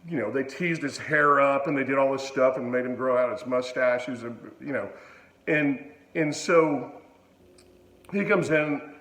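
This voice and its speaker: A man's voice: mid-range voice, normal speed, fairly bright tone, reverberant, poor audio. A man hosting his own channel, ranting in a blunt, profane, rambling casual way. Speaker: channel host. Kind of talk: casual vlog rant.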